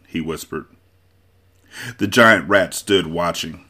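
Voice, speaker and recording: A man hosting a book club podcast, reading a novel aloud with measured storytelling. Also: deep voice, fairly even intonation, sharp tone.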